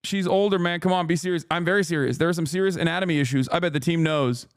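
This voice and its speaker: A man with a high voice riffs through a profane, mocking livestream rant. The sound is dry and close, with no room around it. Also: fast, clean tone, dry recording. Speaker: streamer. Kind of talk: casual livestream commentary.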